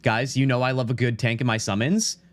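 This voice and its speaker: A young man giving excitable, chatty live commentary while playing a game, often talking to his chat and saying "dude". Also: medium pitch, fairly quick. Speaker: streamer.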